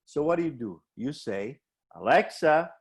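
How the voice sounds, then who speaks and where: A man presenting a wellbeing webinar, animatedly explaining coping strategies, acting out both sides of imagined dialogues and guiding slow breathing exercises. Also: fairly high pitch, animated.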